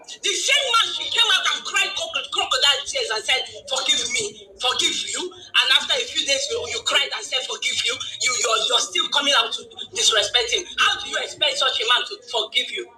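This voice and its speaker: A woman ranting angrily as a caller on an online audio space, shouting, stammering and repeating herself. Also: high-pitched, lively intonation, a little fast, a crowd in the background. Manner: heated, repetitive, shouting and stammering. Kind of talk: angry political rant. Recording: echoey, distant from the mic.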